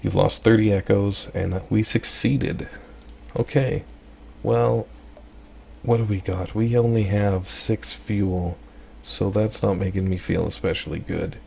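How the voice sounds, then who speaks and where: A man hosting a let's play, casually reading game text and thinking aloud with relaxed asides. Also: lowish voice, a little slow, creaky, a little hiss or hum.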